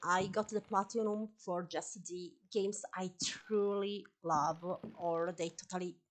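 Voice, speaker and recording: A woman's voice: fairly low pitch, fairly even intonation, unhurried. A woman with an Italian accent, a live streamer chatting casually while she plays, laughing often and apologizing for her English. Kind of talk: live-stream gameplay chat.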